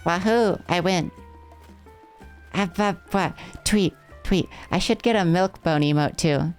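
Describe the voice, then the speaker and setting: A woman's voice: low voice, a little mellow, clean tone. A woman streaming a game live, chatting playfully with her viewers as she plays. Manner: playful, rambling, chats with viewers.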